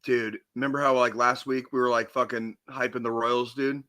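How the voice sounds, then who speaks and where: A man's voice: medium pitch, level tone, normal speed, bright, forceful tone. A man co-hosting a podcast, chatting casually and rambling, swearing often and breaking into laughter. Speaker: podcast co-host. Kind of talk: casual chat.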